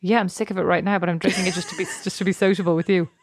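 An Irish woman co-hosting a podcast who rattles along at a quick pace, teasing and cutting in to make her point. Her voice is mid-pitched and recorded close and dry. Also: fairly even intonation, slightly rough, no echo. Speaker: podcast co-host. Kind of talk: casual chat.

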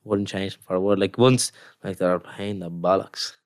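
Young male footballer, low voice, dry close sound, loose rambling chat. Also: steady tone, fairly quick, no echo. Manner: rambling storytelling with many "like"s. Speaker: professional footballer. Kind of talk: casual podcast chat.

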